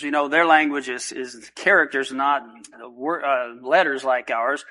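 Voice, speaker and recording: A man, a pastor, praying and then preaching a sermon in an earnest, unhurried way with frequent filler pauses. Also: on the high side, bright, forceful tone, poor audio.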